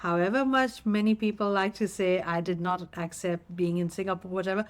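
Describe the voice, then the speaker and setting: A woman's voice: on the low side, fairly even intonation, brisk. Earnest middle-aged woman from India. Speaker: podcast co-host. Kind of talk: casual chat.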